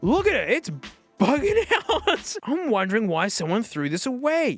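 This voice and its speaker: Excitable man reviewing gadgets. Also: very high voice, normal speed, no echo, soft background music. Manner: excitable, animated, laughs often, talks to the device. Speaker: tech YouTuber.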